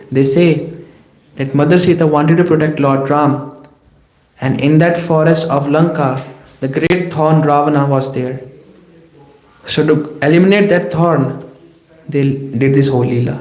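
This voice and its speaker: A man giving a scripture class lecture, telling the story in a lively way and speaking in the voices of the people in it. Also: on the high side, reverberant, low-quality recording. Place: temple hall.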